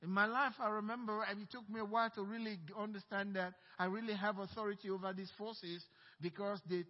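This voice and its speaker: A male pastor preaching a sermon with impassioned delivery and personal storytelling. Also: high voice. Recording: dull sound with long hall reverb.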